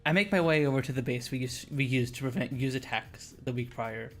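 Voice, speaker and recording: A young woman narrating her own story in first person, read aloud by a man. The delivery is even and mid-pitched, with faint music behind the visual novel reading. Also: a little fast, close to an everyday voice. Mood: calm. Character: young female protagonist narrating.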